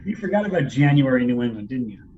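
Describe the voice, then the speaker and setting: A middle-aged man co-hosting a podcast from his laptop, tossing out dry quick one-liners in casual chat. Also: mid-range voice, big pitch swings. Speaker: podcast co-host. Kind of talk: casual chat over a video call. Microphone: laptop mic on a video call. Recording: dull lo-fi call audio with faint noise.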